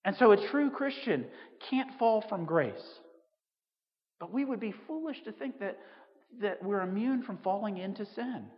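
A man's voice: sits high, lively intonation, a little slow. A man preaching a sermon in a conversational way, full of asides and restarts. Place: church on Jersey. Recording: dull reverberant hall recording.

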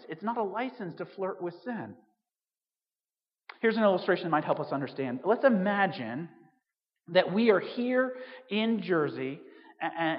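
Man, preacher, conversational sermon, dull lo-fi recording, echoey hall. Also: high-pitched. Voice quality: conversational, frequent restarts and asides. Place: church on Jersey.

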